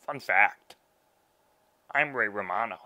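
Guy doing a low droney deadpan comedian voice, really sharp and bright tone. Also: slow, exaggerated voice.

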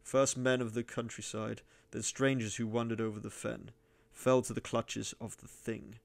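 A man reading a dark adventure story aloud, measured and sometimes rising to loud declaiming. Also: mid-range voice, flat delivery, vocal fry. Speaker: reader and gaming channel host.

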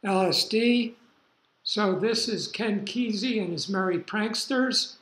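Slow-talking older man lecturing. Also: sits high. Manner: rambling, relaxed asides with fillers. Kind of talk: university lecture. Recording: roomy lecture hall.

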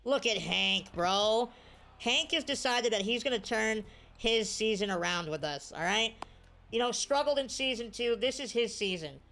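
A woman commentating her own video game play, excitable and cheering on or scolding her players. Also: a little high, moderate pace, gravelly, slight background noise. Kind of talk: casual gameplay commentary.

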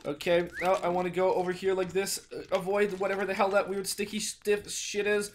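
A man hosting a gaming video, giving casual, excitable play-by-play commentary and exclaiming and swearing often. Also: sits high, a little fast, a little hiss or hum. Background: faint background music.

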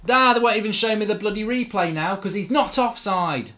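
A man with a rather high voice narrates his gameplay as a channel host. He rants in exasperation and swears freely. He grumbles under his breath one moment and yells in disbelief the next. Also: lively intonation, a little fast, few pauses. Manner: exasperated ranting, frequent swearing, swings from mutters to shouts. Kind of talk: live gameplay commentary.

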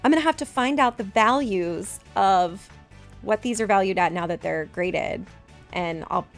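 A woman in her thirties chatting excitedly as she opens graded trading cards, gasping and repeating herself. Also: mid-range voice, measured pace, soft background music. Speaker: card collecting vlogger. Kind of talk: excited unboxing chat.

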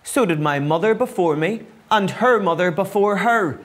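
A man voicing a fussy, cross hen who complains in a shrill voice. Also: measured pace, a bit bright. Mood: indignant.

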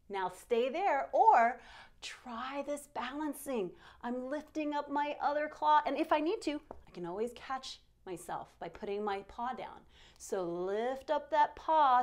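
Woman, kids yoga teacher, playful storytelling, encouraging, higher voice, slow pace. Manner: playful, animated storytelling with gasps and exclamations; encouraging, talks directly to young children. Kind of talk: guided kids yoga lesson.

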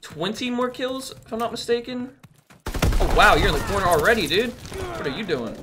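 Young male gaming creator, excitable and slangy, animated voice, audible background noise. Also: high voice, moderate pace. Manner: excitable, chatty, slangy, laughs and exclaims often. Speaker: gaming youtuber. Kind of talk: live gameplay commentary.

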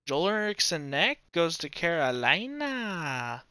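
Excitable, lively-pitched male streamer. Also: slow pace, clean tone, no room sound. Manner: excitable, swears freely, rambling. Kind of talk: casual live gaming commentary.

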